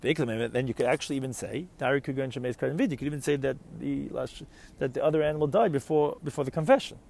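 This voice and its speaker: A man's voice: medium pitch, quick pace, vocal fry, a little mellow. A man giving a Talmud lecture, reading Aramaic phrases and explaining each one in English, often posing questions to his listeners. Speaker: Talmud teacher.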